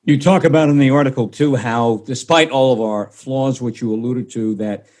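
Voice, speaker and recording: Radio host, man, middle pitch, conversational and leading in interview. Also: normal speed, a little mellow. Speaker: radio talk show host. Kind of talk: radio talk show interview.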